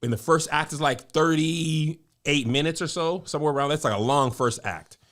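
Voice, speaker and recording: A man co-hosting a podcast, retelling a film in a lively chatty way and acting out quotes. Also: a little high, moderate pace. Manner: animated storyteller, acts out quotes. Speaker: podcast co-host. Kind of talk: casual chat.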